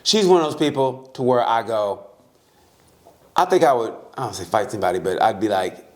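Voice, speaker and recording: Profane, animated man telling a story. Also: on the low side, brisk. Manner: profane, animated storyteller, breaks into laughter while recounting. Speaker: podcast co-host. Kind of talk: casual podcast chat.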